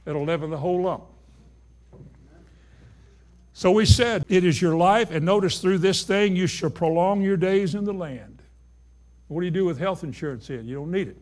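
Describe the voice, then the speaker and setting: A man preaching a sermon, reading scripture aloud and putting emphatic questions to his congregation. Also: high voice.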